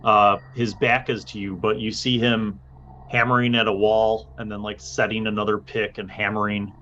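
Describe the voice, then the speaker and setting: A man narrating as game master of a tabletop game, unhurried and with many fillers. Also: lowish voice, flat delivery, sharp tone, dull audio, slight background noise.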